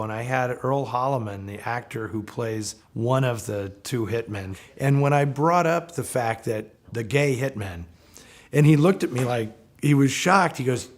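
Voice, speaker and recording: A film historian in a documentary interview, an animated storyteller who acts out quotes. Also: male voice, medium pitch.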